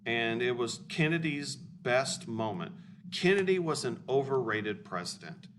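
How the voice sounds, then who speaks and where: A man's voice: mid-range voice, animated, measured pace, fairly bright tone. A man in his forties lecturing as a history teacher, blunt and informal, often checking in with his students. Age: 40s. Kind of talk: recorded classroom lecture. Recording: distant mic with room noise.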